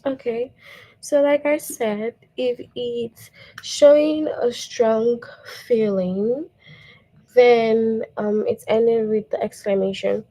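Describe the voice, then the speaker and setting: A woman's voice: a little high, fairly even intonation, slow, dark tone, rough recording. A woman teacher giving a patient grammar lesson to young children, checking in with "okay?" and reading example sentences aloud.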